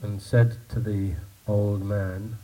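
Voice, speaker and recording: Man, storyteller at a live telling; unhurried, low, mellow delivery. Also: level tone, rough recording. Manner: slow, deliberate narration with pauses.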